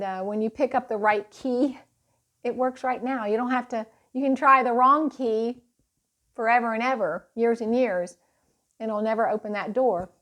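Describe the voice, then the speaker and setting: A woman teaching parents in a casual, chatty way, telling stories with a laugh and speaking of faith. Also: a little high.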